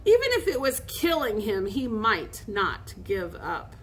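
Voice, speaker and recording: A woman's voice: medium pitch, sing-song, measured pace, faint music behind. A woman voicing a worried, anxious young boy in a storybook reading. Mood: fretful. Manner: fretful.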